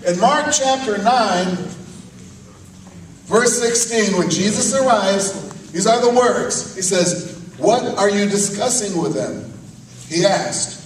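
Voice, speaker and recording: High-voiced preaching pastor in echoey chapel. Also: male voice, animated, slow pace, pauses often, slight background noise. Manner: preaching with call-and-response, swinging from loud to hushed. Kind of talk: sermon. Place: church chapel. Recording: echoey room picked up from a distance.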